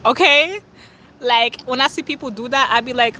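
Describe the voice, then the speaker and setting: A woman influencer talking casually and boastfully on a phone livestream, with sassy remarks and quick laughs. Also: high-pitched, bright, forceful tone, poor audio. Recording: clear outdoor traffic noise.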